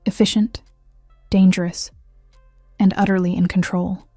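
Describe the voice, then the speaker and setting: A woman reading first-person audiobook narration in an even, measured way. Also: fairly low pitch, no room sound, clean studio sound, soft background music.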